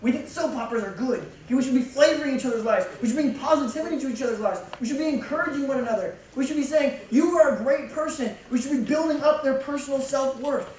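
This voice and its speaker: A man's voice: very high-pitched, fast, hardly any pauses, darkish tone, a little hiss or hum. A young man, a youth pastor, giving a casual, joking and emphatic sermon to teenagers in a church hall. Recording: echoey hall from far off.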